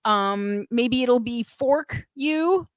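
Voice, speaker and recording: A woman's voice: a little high, lively intonation, extremely slow, dry recording, studio quality. Gushing, foul-mouthed woman host. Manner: enthusiastic, swears freely, reads chat comments. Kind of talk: casual live show chat.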